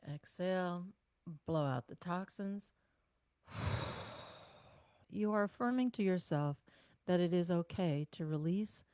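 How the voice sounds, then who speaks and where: An older woman leading a self-care class, giving gentle, unhurried instructions with sighs and breathing cues. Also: lowish voice, no room sound. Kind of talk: guided self-massage class.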